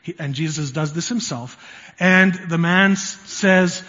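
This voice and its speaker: A man's voice: fairly high pitch, unhurried, sharp tone. A male pastor preaching a conversational sermon, swelling to emphasis on key words in a church sanctuary. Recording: reverberant, muffled church hall sound.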